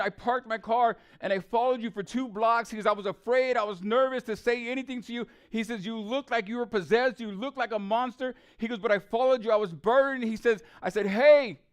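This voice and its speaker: A man preaching an impassioned testimony sermon, repeating phrases and swinging between hushed retelling and loud pleading. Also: extremely high pitch, fairly quick, few pauses, clear, resonant tone.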